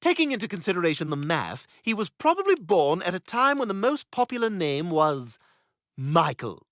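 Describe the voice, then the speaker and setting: A man's voice: high voice, very animated, moderate pace, fairly bright tone, no room sound, studio quality, heavily acted. An actor voicing a snobbish, catty toddler boy who talks in a pompous, sarcastic way. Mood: smug.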